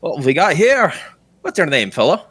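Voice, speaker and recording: A man's voice: fairly high pitch, sing-song, normal speed, a bit bright, husky, pitched above the performer's own voice, heavily acted. A man doing a smug half-elf captain. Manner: smug, breezy, offhand. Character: smug cocky half-elf adventurer captain, male adult.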